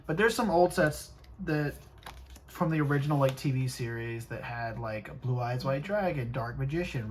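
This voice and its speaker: A vlogger chatting casually while opening trading cards, rambling with frequent restarts and animated asides. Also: mid-range voice, a little hiss or hum. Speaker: card-collecting vlogger.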